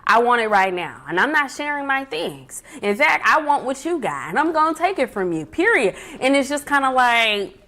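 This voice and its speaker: A woman's voice: sits high, normal speed. Chatty woman hosting a livestream. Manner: emphatic, repeats key points, chatty and animated. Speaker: livestream host. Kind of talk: casual livestream talk giving life advice. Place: at home with her dog.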